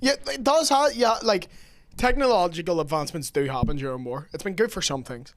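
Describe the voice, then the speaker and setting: A man's voice: high voice, animated. A young man, teasing his friends crudely in podcast banter. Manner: crude, teasing, quick to laugh. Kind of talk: casual banter among friends.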